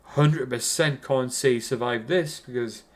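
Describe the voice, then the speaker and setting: Geordie man, casual film-review rant, heavy swearing, mid-pitched voice. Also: unhurried. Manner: swears constantly, rambling with restarts.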